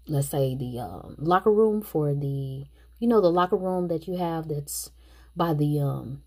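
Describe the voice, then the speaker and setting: A woman's voice: low voice, dark tone, breathy edge. A woman casually recapping a movie plot and chatting her opinions straight to the viewers. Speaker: movie reviewer.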